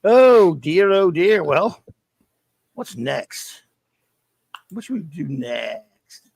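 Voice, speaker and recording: A man's voice: on the high side, big pitch swings, extremely slow, creaky, a little mellow, husky, no room sound. A man hosting a casual talk show, easygoing and welcoming. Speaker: host. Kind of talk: casual chat.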